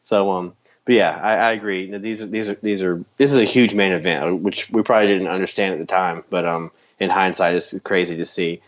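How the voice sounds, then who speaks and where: Low voice dude ranting on a pod, laughs a lot, kinda muffled sound. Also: male voice, fairly quick. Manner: animated ranting, laughs often. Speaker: podcast co-host. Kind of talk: casual chat. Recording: dull lo-fi sound.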